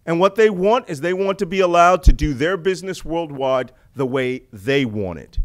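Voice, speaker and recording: Animated middle-aged man giving a talk. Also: on the high side, normal speed. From United States. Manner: animated, rhetorical questions, laughs at own jokes. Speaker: speaker on intelligence. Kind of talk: public talk to an audience.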